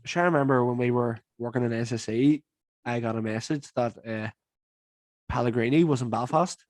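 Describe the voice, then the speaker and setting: Man, Northern Irish accent, podcast host, casual swearing banter, mid pitch, dry close mic. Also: moderate pace, no echo. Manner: swearing banter, mimics people. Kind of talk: casual chat.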